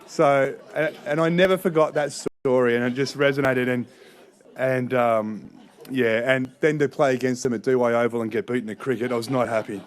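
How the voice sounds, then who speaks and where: A middle-aged man with an Australian accent delivers a formal ceremonial speech. His tone is loose and joking, and he often restarts his sentences. He speaks at a middle pitch. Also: fairly even intonation, moderate pace. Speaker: politician.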